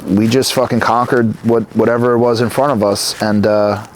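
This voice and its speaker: A man in his thirties from New Jersey, a company founder talking as an interview guest, who rambles and swears as he tells animated stories. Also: on the low side, normal speed, a little hiss or hum. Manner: rambling, profane, animated storytelling. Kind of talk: casual interview conversation.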